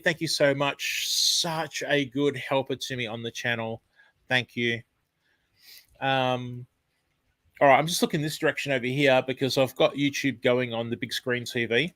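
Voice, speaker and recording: Bright-voiced chatty Australian man. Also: a little high, dry recording. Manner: chatty, rambling, lots of ums and self-corrections. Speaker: live stream host. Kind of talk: casual live chat reading out viewers.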